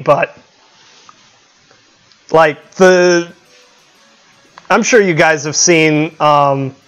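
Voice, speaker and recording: Male streamer, lively swearing reactions, slow easygoing talk. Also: on the high side. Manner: laughing, profane, reacting loudly. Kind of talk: casual live-stream chat.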